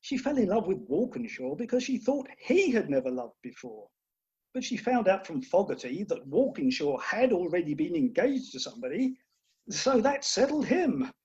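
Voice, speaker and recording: A woman's voice: mid-range voice, darkish tone, slightly rough. A woman playing a fretful, fussing middle-aged father of the bride in a radio play recorded over a video call. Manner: fussing and exclaiming, theatrical. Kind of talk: Zoom radio play acting. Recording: muffled video-call audio.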